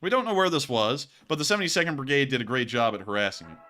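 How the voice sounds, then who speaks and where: A man hosting casual commentary on war footage, joking and excitable and quick to laugh. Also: medium pitch, soft background music. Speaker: host.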